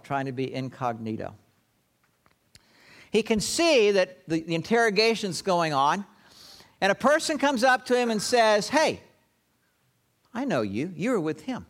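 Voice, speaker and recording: A man preaching a sermon, telling the story dramatically and often dropping to a hushed, low tone. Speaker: pastor.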